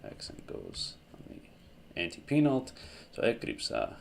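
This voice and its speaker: Slow, gravelly deep-voiced man teaching. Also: wildly swooping pitch, slight background noise. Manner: slow, methodical explaining with self-corrections. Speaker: language teacher. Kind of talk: whiteboard grammar lesson.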